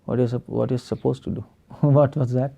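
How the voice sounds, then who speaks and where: A man's voice: medium pitch, fairly even intonation, moderate pace, creaky, mellow. A male preacher giving an online spiritual class over a video call, firing rhetorical questions at the class and chuckling often.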